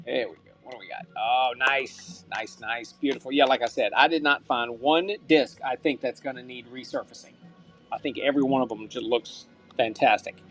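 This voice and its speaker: A man's voice: mid-range voice, moderate pace, a bit bright, faint music behind. A man hosting a live-stream auction, upbeat and thanking buyers by name, sometimes muttering to himself as he handles items.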